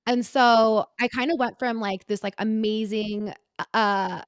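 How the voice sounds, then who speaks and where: A woman in her twenties, a podcast co-host, talking candidly about her past in a halting, earnest way with many filler words. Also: fairly high pitch, steady tone, smooth, dry recording. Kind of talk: candid personal conversation.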